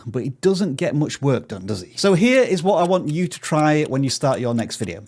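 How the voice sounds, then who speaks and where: Lively man hosting a scripted YouTube tips tutorial. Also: mid-range voice. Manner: upbeat, joking, direct advice. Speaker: YouTube growth tutorial host.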